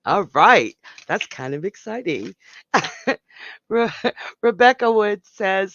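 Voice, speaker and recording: A man's voice: high voice, sing-song, slow pace, gravelly, long pauses, a bit bright, dry recording, lo-fi sound. A man hosting a live psychic show, giving a tarot reading and chatting with viewers as he reads out their comments. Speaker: psychic host.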